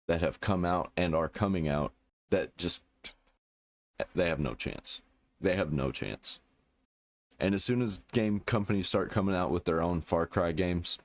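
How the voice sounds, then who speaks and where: A man hosting a casual reaction commentary, talking back at a clip in a blunt, opinionated way. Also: sits low. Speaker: reaction host.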